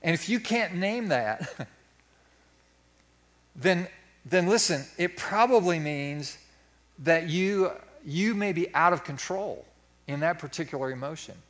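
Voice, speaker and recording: A middle-aged man preaching a sermon with a somewhat higher-than-usual pitch. He talks in a folksy, self-deprecating way, playing out his own inner dialogue as he teaches. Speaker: pastor.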